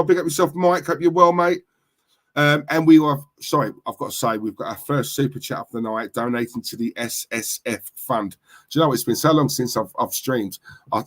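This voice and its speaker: A man's voice: medium pitch, a bit bright. A man with a London accent hosting a casual football live stream, chatty and full of slang as he greets viewers in the chat. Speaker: football livestream host.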